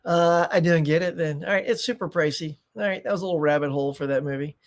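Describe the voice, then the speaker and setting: A man's voice: on the high side, fast talker. A middle-aged man hosting a live stream in casual chat, rambling, reading viewer comments aloud and tossing in playful asides. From United States.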